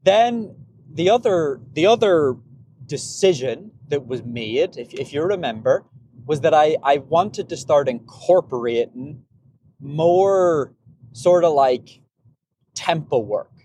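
A man's voice: on the high side, expressive, slow pace, darkish tone, a little hiss or hum. A man hosting a podcast in a casual, rambling monologue about running, often repeating and restarting words. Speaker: podcast host, runner.

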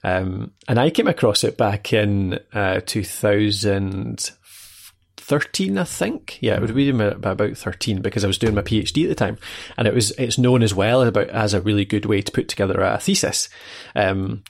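A man's voice: lowish voice, moderate pace, vocal fry. A Scottish man in his thirties co-hosting a podcast, chatting casually and often checking in with tag questions. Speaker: podcast co-host. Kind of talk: casual chat.

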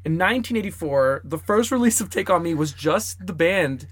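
A man's voice: fairly high pitch, lively intonation, normal speed, a bit bright, husky. A man co-hosting a podcast in casual chat, giggly and chatty, reacting with little noises. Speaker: podcast co-host.

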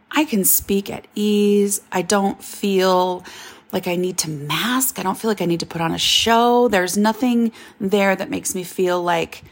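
Candid woman with a gravelly voice. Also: on the low side. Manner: candid, confessional, yawning at times. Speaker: podcast host. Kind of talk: personal storytelling monologue.

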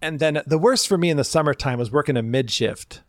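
A middle-aged man co-hosting a podcast, telling animated stories in casual chat and acting out the people he quotes. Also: fairly high pitch, a little fast, no room sound, studio quality. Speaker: podcast co-host.

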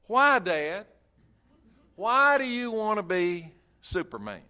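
A preacher voicing a lonely little boy who keeps pleading with his busy father, speaking earnestly at a raised pitch. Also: very animated, slow pace, sharp tone, smooth, exaggerated voice.

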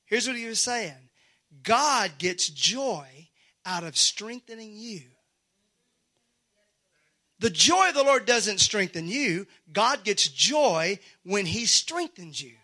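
A male pastor preaching to a congregation, his voice high and bright. He teases the crowd with playful asides and climbs into shouted emphasis as he drives his point home. The delivery is energetic sermon talk from a church stage. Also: slow pace, long pauses.

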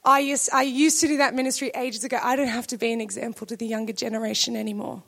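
A woman's voice: on the high side, flat delivery, quick pace, creaky, a bit bright, voice pushed down. A woman preacher voicing a complacent churchgoer who brushes off her old duties in a dismissive, offhand way. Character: complacent lapsed churchgoer making excuses, adult.

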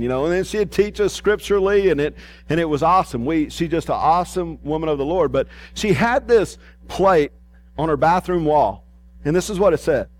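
Male pastor, lively pulpit delivery, voice a touch high. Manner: animated preaching, rising emphatic and dropping soft. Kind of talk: sermon.

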